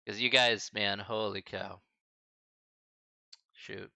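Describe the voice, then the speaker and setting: A man teaching a math class on a live stream, saying goodbye to his students in a halting, emotional and casual way, often calling them buddy and man. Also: fairly low pitch, fairly even intonation, gravelly, pushed and bright, dry recording, dull audio. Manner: halting and choked up, many restarts and sighs; casual, friendly, calls listeners buddy and man. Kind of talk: emotional farewell talk to a live stream chat.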